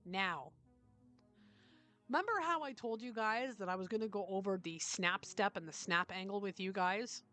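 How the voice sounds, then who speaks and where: A woman with a Canadian accent hosting a screen-recorded software tutorial, chatty and checking in often with "okay?". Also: mid-range voice, normal speed, soft background music. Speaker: tutorial host.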